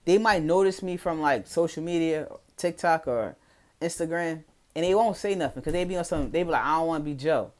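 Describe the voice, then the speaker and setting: A man's voice: a little high, brisk, a little mellow. A young man with a Philadelphia accent telling a casual, profane, slang-heavy story to his followers. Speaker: vlogger.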